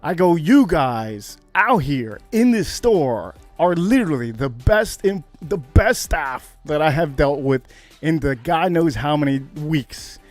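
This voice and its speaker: Male livestream host, high-pitched, excitable, swears, rambling casual storytelling, faint music underneath. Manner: excitable, loud bursts, swearing, animated retelling. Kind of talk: casual storytelling to a live chat.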